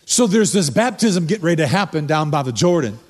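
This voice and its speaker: An older man delivers a sermon in a fairly high, easygoing voice. He preaches like he is talking with friends, turning to people in the pews and telling family stories. The sound has a long reverb from a church sanctuary. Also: very animated, a little fast, a little mellow. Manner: conversational, storytelling preacher who addresses the congregation directly. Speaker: pastor. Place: church sanctuary before a congregation.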